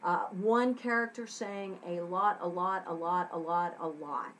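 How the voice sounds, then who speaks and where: A woman gives a scriptwriting lesson, taking her time and acting out little example lines in varied voices. She checks in often with a quick "okay?" A faint hiss sits under the recording. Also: lowish voice, fairly even intonation, fairly bright tone, rough recording. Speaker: scriptwriting teacher.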